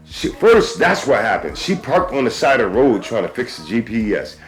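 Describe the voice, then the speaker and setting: A man from the East Coast hosts a casual podcast chat, his mid-pitched voice telling a story with stops and restarts. Faint music sits underneath. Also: normal speed. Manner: animated storyteller, stammers and restarts. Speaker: podcast host.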